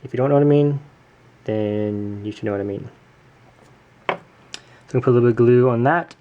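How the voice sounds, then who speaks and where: A man's voice: medium pitch, a little fast, narrow, tinny audio. A man hosting a casual hands-on craft tutorial at home, chatting and correcting himself with jokey asides as he works. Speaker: tutorial host.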